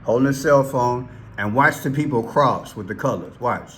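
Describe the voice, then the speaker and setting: A man hosting a casual commentary vlog, excitable and repetitive as he points things out on screen. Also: mid-range voice, moderate pace. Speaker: vlog host.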